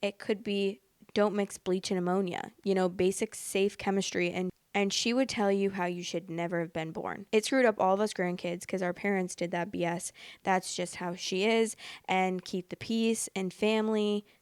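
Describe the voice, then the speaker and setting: A young woman hosting a storytime podcast, reading posts aloud and reacting bluntly in a casual, expressive way. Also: mid-range voice, moderate pace, smooth, no room sound. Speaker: podcast host reading stories.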